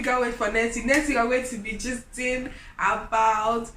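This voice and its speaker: Young woman vlogger, slightly high voice, animated and giggly storyteller, recorded from a distance in an echoey room. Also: normal speed, few pauses. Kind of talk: casual storytelling.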